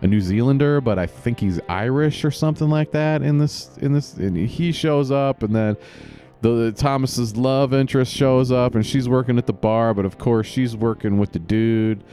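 A man's voice: mid-range voice, normal speed, mellow, soft background music. A man hosting a casual solo podcast, rambling, often restarting his sentences and swearing casually. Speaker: podcast host.

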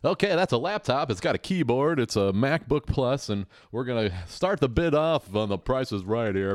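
A man hosting a podcast, giving sarcastic, mocking play-by-play of a TV game show with quick asides. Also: mid-range voice, lively intonation, dry recording, clean studio sound. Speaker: podcast host.

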